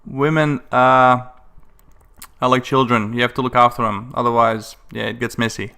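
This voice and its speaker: A man from South Africa hosting a casual live-stream Q&A, blunt, crude and quick to laugh. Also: mid-range voice, little pitch movement, gravelly, sharp tone, clear, resonant tone. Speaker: channel host answering viewer questions.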